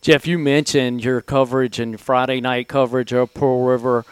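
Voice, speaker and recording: A man's voice: mid-range voice, little pitch movement, moderate pace, clear, resonant tone, no room sound. A man hosting a casual sports talk show, leading the discussion in an easygoing way. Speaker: show host.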